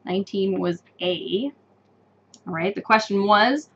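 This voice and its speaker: A woman teaching an online English test-prep lesson, patient and encouraging, repeating each answer slowly. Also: medium pitch, lively intonation, a bit bright, lo-fi sound.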